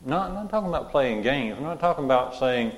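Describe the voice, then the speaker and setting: A man's voice: medium pitch, lively intonation, quick pace, big-room sound, poor audio. A man preaching a sermon in a church, conversational, repeating and restarting his phrases.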